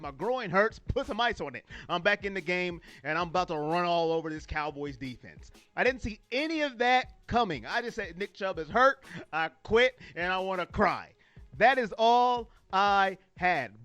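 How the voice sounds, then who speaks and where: A man from California runs a fan livestream, his high, bright voice spilling with emotion as he reads out viewers' comments and greets them. He talks casually and laughs easily. The sound is dry and close, with faint music underneath. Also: no room sound. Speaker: sports fan livestream host. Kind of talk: casual livestream talk reading chat comments.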